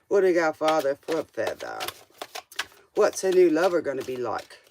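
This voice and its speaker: A man's voice: on the high side, big pitch swings, slow pace, pauses often, background noise. A man doing a casual tarot reading, chatty and playful, with joking asides. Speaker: tarot reader.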